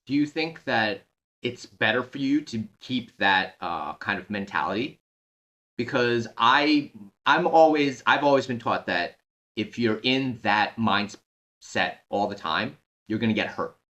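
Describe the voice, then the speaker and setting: Bright, low-pitched male podcast host. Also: lo-fi sound. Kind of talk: casual chat.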